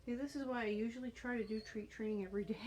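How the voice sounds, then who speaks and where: A woman talking casually while training a young pigeon, calm and explanatory, breaking into high cooing baby talk at the bird. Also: quick pace, a little hiss or hum.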